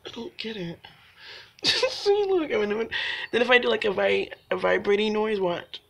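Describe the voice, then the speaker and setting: A woman's voice: mid-range voice, moderate pace, vocal fry, fairly bright tone. A woman filming her cats at home, talking to them in coaxing baby talk and laughing often. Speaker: cat owner filming her pets. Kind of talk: casual home video chat. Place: at home, indoors.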